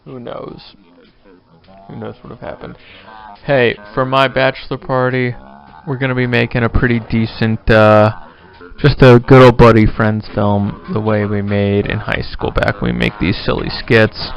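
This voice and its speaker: A drunk podcast host in his twenties rambles alone at the mic, cracking jokes at his own expense. His creaky, mid-range voice moves at a moderate pace. The highs are cut off, with soft music playing in the background.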